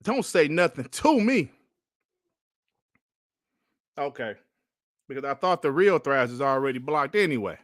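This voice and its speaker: A man's voice: a little high, measured pace, long pauses, dry recording, studio quality. Exasperated ranting gaming host, man. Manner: animated, exasperated, repetitive ranting; sighs and coughs between phrases. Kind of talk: livestream commentary and rant.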